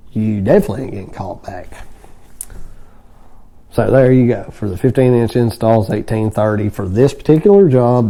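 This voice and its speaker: A man who runs a construction business, walking through how to price a gravel driveway and culvert job in a plainspoken, folksy way. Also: lowish voice, mellow. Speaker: construction business owner teaching bidding. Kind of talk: instructional video talk.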